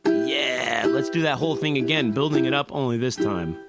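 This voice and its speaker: A man's voice: medium pitch, moderate pace. A man teaching an online music class, playful and upbeat, mixing sung lines with spoken explanation. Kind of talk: online music lesson with singing.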